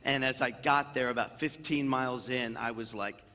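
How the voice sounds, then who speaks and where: Man, pastor, sermon, bright forceful voice, long church reverb, humorous storyteller, loud then hushed. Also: medium pitch, steady tone, moderate pace. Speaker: senior pastor. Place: church sanctuary.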